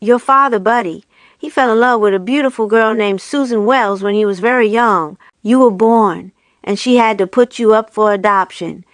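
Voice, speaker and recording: A kindly old elf toymaker speaks softly and patiently, as a woman reads his lines. The voice is smooth and clear, and it stays tender and unhurried. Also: on the high side, no echo, close to an everyday voice. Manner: soft and tender. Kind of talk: storybook reading.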